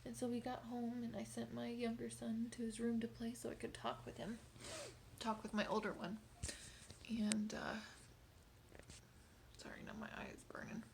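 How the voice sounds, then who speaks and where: A woman in her thirties recounting a hard evening with her son in a personal video diary, speaking softly and haltingly, often close to a whisper, and tearful at times. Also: a little high, fairly even intonation, gravelly, slight background noise. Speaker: mother.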